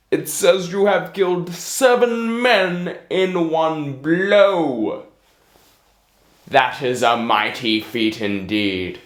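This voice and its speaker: A man voicing a big, slow-witted giant who roars his words slowly and loudly, for a storybook reading. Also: sits high, pitched above the performer's own voice, exaggerated voice. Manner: loud, slow, drawn-out roaring. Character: huge roaring giant, strong and slow-witted. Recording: echoey room.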